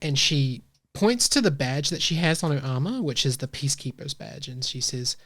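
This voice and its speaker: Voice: medium pitch, animated, moderate pace, a bit bright, no echo, studio quality. A game master narrating a tabletop game in a loose, chatty way with many fillers.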